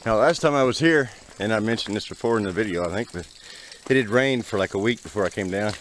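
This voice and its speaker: A man's voice: on the low side, fast, slight background noise. Winded man vlogging on a hiking trail. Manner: chatty, folksy, talks to viewers while hiking. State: out of breath. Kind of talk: casual outdoor vlog narration. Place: forest trail outdoors.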